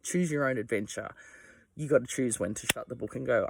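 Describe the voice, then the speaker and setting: The voice is mid-range and gravelly, moving fairly quickly over a noisy background. An Australian vlogger is rambling casually at home by candlelight during a power outage, digressing often and swearing easily.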